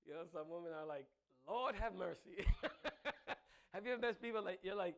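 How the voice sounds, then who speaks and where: A man's voice: high-pitched, fast talker, clear, resonant tone. A middle-aged man preaching a sermon, joking with the crowd, laughing often and repeating his words.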